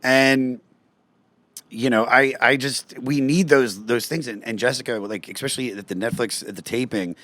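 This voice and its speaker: A man's voice: mid-range voice, moderate pace, dry recording. A man, a comedian, chatting on a podcast and acting out quoted lines in a raised voice. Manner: animated storytelling, acts out quotes in a raised voice. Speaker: guest comedian. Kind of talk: casual podcast chat.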